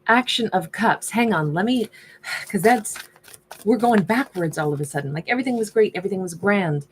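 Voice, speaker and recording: A woman's voice: medium pitch, lively intonation, moderate pace, a little hiss or hum. A woman giving a casual tarot reading, thinking aloud as she turns over each card. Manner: musing, thinks aloud while reading cards. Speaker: tarot reader.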